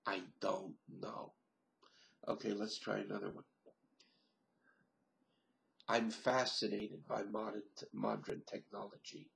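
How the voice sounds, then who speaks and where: Solo vlogger, male, unhurried musing delivery, gravelly voice, webcam sound. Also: fairly low pitch, flat delivery, fairly bright tone, a little hiss or hum. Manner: slow, musing, thinks aloud with many pauses and fillers. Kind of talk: rambling solo webcam monologue.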